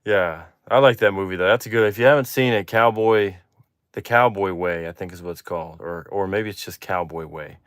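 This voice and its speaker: A man from Texas hosting a casual livestream, chatting with viewers in a relaxed, rambling way that turns eager at times. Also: fairly quick, no room sound, studio quality. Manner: relaxed, chatty, drifting from low mumbles to excited bursts. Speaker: livestream host. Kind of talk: casual livestream chat reading comments.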